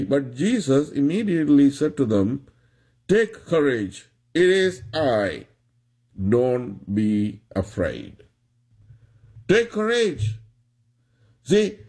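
A man preaching a sermon, retelling a story in a slow, halting way with many restarts. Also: a little high, darkish tone, husky.

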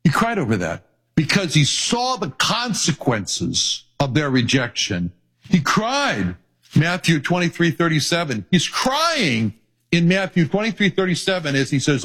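A man's voice: on the high side, wildly swooping pitch, a little slow, fairly bright tone, husky. A man preaching a sermon in an earnest way. He repeats key phrases for weight and reads scripture passages aloud in old-fashioned wording. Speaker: pastor.

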